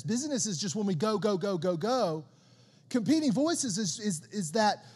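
A man preaching a sermon as a pastor, conversational and animated, often repeating words as he builds a point. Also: high voice, in a large hall.

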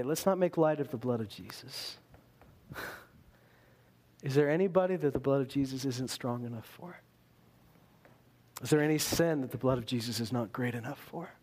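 A man preaching a sermon, swinging between loud emphasis and quiet intensity. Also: mid-range voice.

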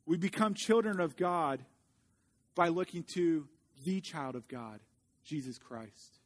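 A male pastor delivers a sermon in a notably high-pitched voice. He speaks earnestly and slows his pace when reading scripture.

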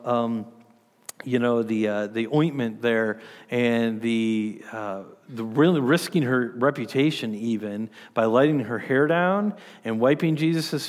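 A man preaching a sermon as pastor, earnest, stressing key lines and dropping to quiet asides. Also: mid-range voice, big-room sound.

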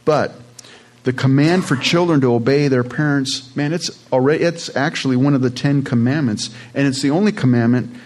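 A man's voice: medium pitch, normal speed, darkish tone. A man preaching a sermon in a plain, conversational way, with casual asides to his congregation. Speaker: pastor.

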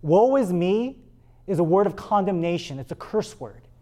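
A man preaching a sermon and reading scripture aloud, with dramatic pauses and words repeated for emphasis. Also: high voice, lively intonation, warm tone. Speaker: pastor.

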